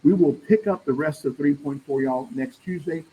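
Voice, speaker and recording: A man's voice: a little high, normal speed, dark tone, a little hiss or hum, low-quality recording. A man teaching a math class in a casual, chatty way, often checking in with the room. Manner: casual, addresses class as y'all, checks in with "right?". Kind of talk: classroom lecture.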